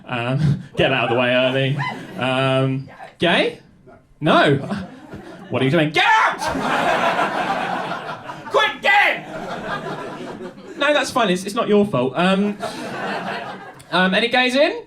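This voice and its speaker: A young man doing high-energy stand-up comedy in a small club, chatting with the crowd and laughing often. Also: sing-song, measured pace, heavy background noise. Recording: live club recording with audience. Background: audience laughing and applauding.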